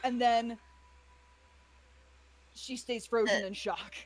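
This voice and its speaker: A woman's voice: a little high, steady tone, slow pace, a little hiss or hum. A woman playing a tabletop role-playing game, telling her character's actions in a flustered, giggly way. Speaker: player. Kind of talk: tabletop role-play over voice chat.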